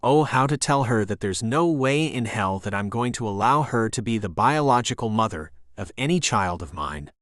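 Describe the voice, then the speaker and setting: Male audiobook narrator, middle pitch, steady measured first-person read, dry studio mic. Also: no echo.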